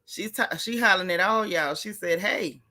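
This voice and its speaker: A woman's voice: mid-range voice, normal speed, sharp tone. A middle-aged woman hosting a casual livestream, chatting and greeting viewers by name with easygoing slang. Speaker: livestream host.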